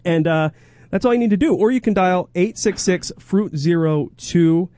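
A man's voice: sits high, moderate pace, warm tone, no room sound. A young man co-hosting a radio show, rambling and self-interrupting through casual banter and ad reads.

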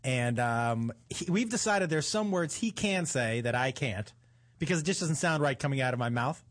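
A man co-hosting a comedy podcast, joking in casual banter and laughing often, with a husky voice. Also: mid-range voice, animated, normal speed.

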